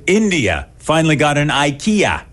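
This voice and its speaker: A man's voice: fairly high pitch, huge pitch swings, moderate pace, fairly bright tone, soft background music. A man co-hosting a morning radio show, telling news stories with jokes and laughing at his own punchlines. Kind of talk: joking morning radio banter.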